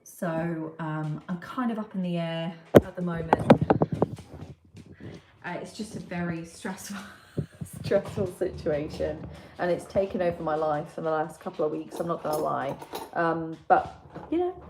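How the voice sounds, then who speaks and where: A woman's voice: lowish voice, moderate pace. A woman, chatting casually with viewers as a livestream host and reading out their comments. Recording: echoey room with clear background noise.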